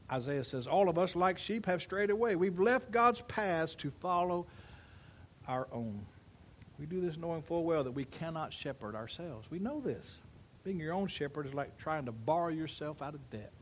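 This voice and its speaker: Male pastor, emphatic preacher, voice on the higher side, faint low hum behind. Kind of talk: sermon.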